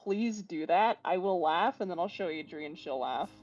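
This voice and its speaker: A woman's voice: fairly low pitch, expressive, normal speed, darkish tone, dull audio. A woman in casual chat on a voice call, teasing friends and telling a funny story. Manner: teasing, laughing, chatty storytelling. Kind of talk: casual chat over a game stream.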